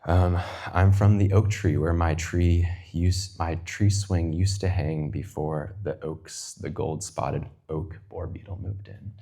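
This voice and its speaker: A man in his twenties giving an unhurried, poetic reflection, lingering over long lists and sometimes dropping to a near-whisper. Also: sits low, fairly even intonation, vocal fry, mellow. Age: 20s. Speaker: guest speaker. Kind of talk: reflective personal reading.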